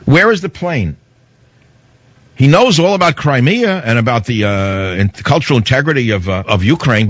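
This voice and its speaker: A man's voice: mid-range voice, fairly bright tone, no echo. Guy ranting on his radio show, sarcastic and heated, voice jumps all over, dry studio mic. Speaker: radio talk show host. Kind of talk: talk radio monologue.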